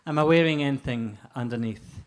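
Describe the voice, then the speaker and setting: A Scottish man comic doing a crude stand-up routine, laying out deadpan setups before his punchlines. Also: mid-range voice, fairly quick. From Scotland.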